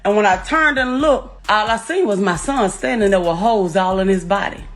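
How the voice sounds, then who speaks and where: A woman's voice: mid-range voice, moderate pace, soft background music. A middle-aged woman giving a raw, profane first-person account as a grieving mother, rising to anguished outbursts. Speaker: grieving mother telling her story.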